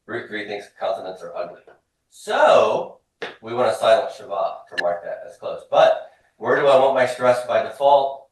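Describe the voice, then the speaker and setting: A man teaching a grammar lesson to a class, drilling students with quick questions. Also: mid-range voice, big pitch swings. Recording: echoey classroom from far off.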